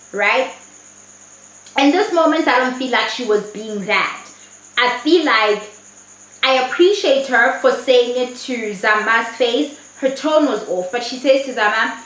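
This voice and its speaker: A woman talks through a reality show episode in a loose, candid way, swearing as she goes. Her voice sits a little high. The room around her sounds echoey. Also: unhurried, fairly bright tone. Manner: chatty, candid, swears freely. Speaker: TV show reviewer. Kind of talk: casual review vlog.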